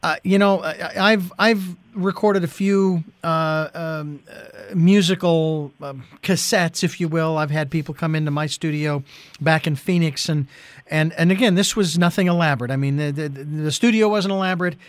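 A man hosting a radio program, interviewing a guest in a halting way with many restarts. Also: on the high side, no room sound.

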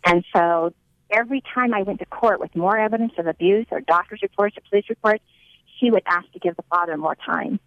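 A woman's voice: mid-range voice, brisk, no room sound, narrow, tinny audio. A woman giving a personal testimony, telling her story earnestly and acting out the dialogue as she recounts it.

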